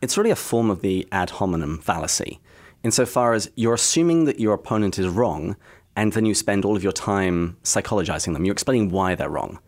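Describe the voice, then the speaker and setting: A man with an Australian accent, a podcast guest explaining things in a relaxed, friendly way. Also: on the low side, fairly quick. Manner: relaxed explaining, laughs easily. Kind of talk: casual interview chat.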